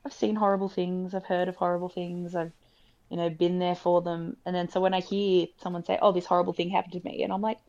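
A young woman with a low voice and a gravelly edge to it talks casually, dropping in plenty of likes and ums. The audio sounds dull and lo-fi. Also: level tone, quick pace, darkish tone. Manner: chatty, frequent likes and ums. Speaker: emergency department nurse. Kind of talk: casual podcast chat.

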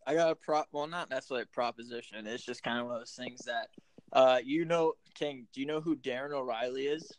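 A man hosting a laid-back podcast, swearing freely and laughing easily as he chats with his co-hosts. His voice is mid-pitched and sits dry and close to the mic. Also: fast talker, no room sound. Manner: loose, profane, laughs often. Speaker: podcast host. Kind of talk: casual podcast chat.

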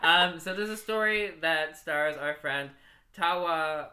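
A woman's voice: deep voice, takes it slowly, bright, forceful tone. A woman co-hosting a podcast, retelling a folk tale in a casual, giggly, rambling way. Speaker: podcast co-host.

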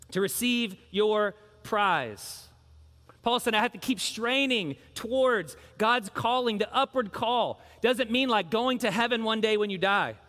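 A man's voice: high-pitched, bright, forceful tone, long reverb tail. A man preaching a sermon as pastor, earnest and emphatic, driving points home with repeated phrases.

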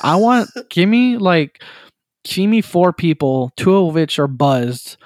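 A man's voice: high-pitched, big pitch swings, slow, dry recording. A man co-hosting a gaming podcast in casual chat, swearing freely, mocking and laughing often. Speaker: podcast co-host.

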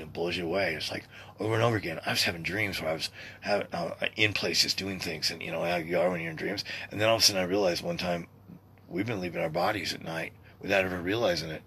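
A man in his sixties hosting a podcast, talking in a rambling, profane, animated monologue. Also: low-pitched, slight background noise. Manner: rambling and profane, with excited swings in loudness. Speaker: podcast host.

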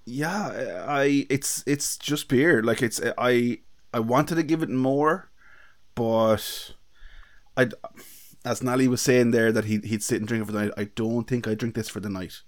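A man from Ireland reviewing a beer on a podcast in a relaxed, hesitant way, with lots of restarts. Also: mid-range voice, unhurried. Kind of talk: casual chat.

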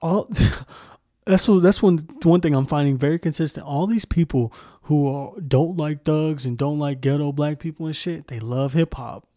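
A man's voice: a little high, normal speed, dark tone, no room sound, clean studio sound. A young man hosting a solo podcast, talking casually in a heated, profane, rambling way with many restarts. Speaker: podcast host.

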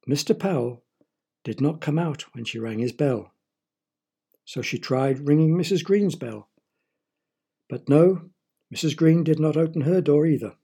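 A man reading a children's story aloud in a gentle, explanatory manner. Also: on the high side, measured pace, long pauses, breathy edge.

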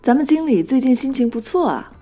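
A curious young woman at the office asks a coworker what is going on in a scripted lesson dialogue, voiced by a woman teacher. Her questions are lively and her tone is mellow and soft. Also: high-pitched, a little fast, soft background music, pitched above the performer's own voice.

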